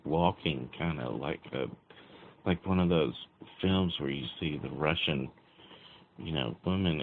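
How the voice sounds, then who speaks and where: A man with a very low voice rambles through a dream he just had, chuckling and filling gaps with "uh" and "you know." His voice has a gravelly fry. The recording is thin and phone-like. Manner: rambling, chuckling, many fillers. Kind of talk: casual retelling of a dream. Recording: tinny phone-like recording with faint noise.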